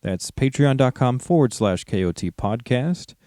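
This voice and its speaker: A man's voice: medium pitch, animated, normal speed, mellow, dry recording, clean studio sound. A man co-hosting a podcast, thanking supporters in an easygoing, grateful way. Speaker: podcast co-host. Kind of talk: casual podcast plug.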